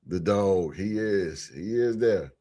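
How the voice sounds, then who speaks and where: A man hosting a sports podcast live, chatting casually with his live chat in a relaxed, repetitive way, speaking. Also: deep voice, takes it slowly. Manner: laid-back, repeats phrases, shouts out chat members.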